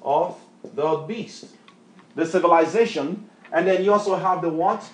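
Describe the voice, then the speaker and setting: A man's voice: high-pitched, a little slow. A man preaching a bible lesson, emphatic, repeatedly quizzing a reader with questions. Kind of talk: street-style bible teaching sermon.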